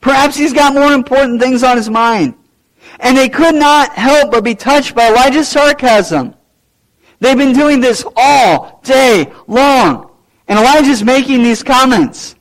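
High-voiced male preacher. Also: unhurried, low-quality recording. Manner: dramatic swings between loud, raised lines and low, quiet asides. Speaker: pastor. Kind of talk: sermon.

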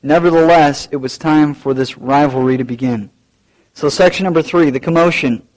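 A male pastor preaching a sermon, swinging between loud, raised lines and low, quiet asides. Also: normal speed, low-quality recording.

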